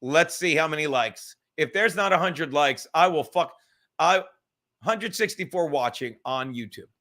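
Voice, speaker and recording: A man with a New York accent hosting a podcast livestream, ranting loudly and profanely, swinging between shouting and muttering asides. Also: fairly high pitch, animated, measured pace. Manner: loud, swearing, rambling, shifts from shouting to mumbling. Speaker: podcast host.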